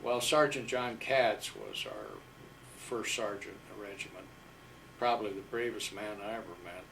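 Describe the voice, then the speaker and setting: A man's voice: lowish voice, very animated, gravelly, fairly bright tone, far from the mic, slight background noise, poor audio. Older veteran man telling war stories. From Iowa, USA. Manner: unhurried, humble storyteller with fillers. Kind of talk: storytelling interview.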